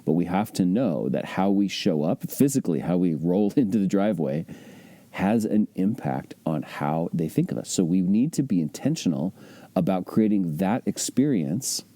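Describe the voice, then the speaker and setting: A man speaks in a low, deeply mellow voice, teaching in an easygoing but emphatic way. He keeps throwing rhetorical questions at the listener. The recording is dry and close, with no room sound. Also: animated, normal speed, no room sound. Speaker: real estate investor teaching. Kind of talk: instructional podcast talk.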